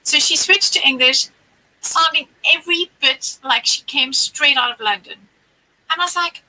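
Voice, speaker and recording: A woman joining a livestream as a guest, telling stories in a wry, quick, casual way. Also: high-pitched, bright, forceful tone, poor audio. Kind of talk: casual chat.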